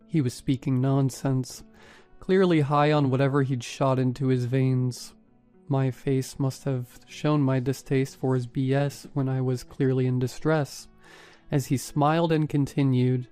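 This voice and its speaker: A man narrating a first-person horror story in a steady, even storytelling manner. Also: mid-range voice, a little slow, smooth, faint music behind. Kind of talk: scripted narration.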